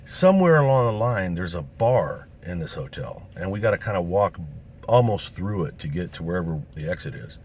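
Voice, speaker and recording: A man's voice: sits low, normal speed, slightly rough. A man casually telling a true story of his own, swearing constantly and acting out what other people said. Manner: animated, acts out quotes of other people.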